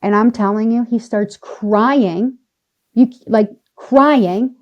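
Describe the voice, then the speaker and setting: A woman, a podcast guest, tells a personal story in animated, emphatic conversation and slows down or speeds up for effect. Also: a little high, lo-fi sound.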